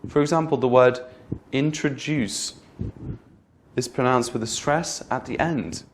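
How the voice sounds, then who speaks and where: Male English tutor, middle pitch, slow and deliberate, drawing out stressed syllables. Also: slight background noise. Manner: models words slowly with exaggerated stress. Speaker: English pronunciation teacher. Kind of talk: slow, clear teaching delivery.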